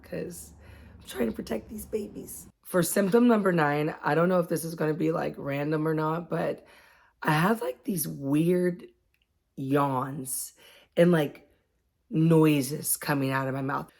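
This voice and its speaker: A woman in her late thirties talking casually about her own experiences, chatty and quick to laugh. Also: low-pitched, creaky, a little mellow. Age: 30s. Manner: chatty, laughs often, acts out quotes. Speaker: vlogger. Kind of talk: casual chat.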